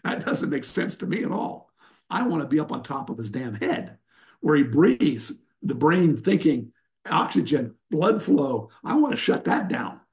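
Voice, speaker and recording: A man's voice: a little high, very animated, measured pace, vocal fry, a little mellow. An older man, a wrestling coach and guest, giving blunt, emphatic instruction and telling sarcastic stories in an interview.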